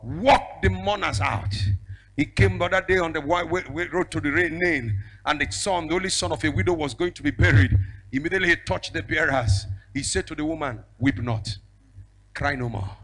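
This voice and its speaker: A male evangelist preaches a fiery sermon full of prophetic declarations at normal speed. He swings between shouting and a low storytelling voice, and at times bursts into speaking in tongues.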